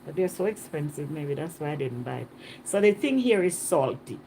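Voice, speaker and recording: Woman, travel vlogger, warm mellow voice, chatty and repetitive, phone mic outdoors. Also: low-pitched, moderate pace, a little hiss or hum. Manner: chatty, animated, repeats herself. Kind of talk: casual vlog chat. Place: outdoors on a Caribbean island.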